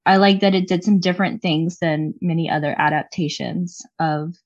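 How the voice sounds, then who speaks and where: A woman appearing as a podcast guest, giving her opinion in a measured, thoughtful way. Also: on the low side, fairly even intonation, highs cut off. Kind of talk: casual podcast chat.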